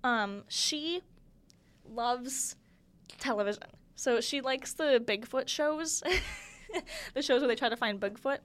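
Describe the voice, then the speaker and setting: A young woman with a fairly high voice tells holiday stories on her podcast. She talks in a casual, giggly way and leans on fillers as she goes. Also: slow pace, a bit bright, clear, resonant tone. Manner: chatty, giggly, lots of "like" fillers. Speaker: podcast host. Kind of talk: casual storytelling monologue.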